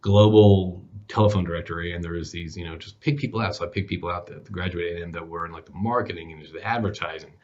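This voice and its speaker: Deep, darkish, and steady, his voice moves at a quick pace with hardly any pauses. He's a podcast host in his forties, a guest this time, rambling through a career story full of fillers and acted-out dialogue in a casual interview on dull, lo-fi audio.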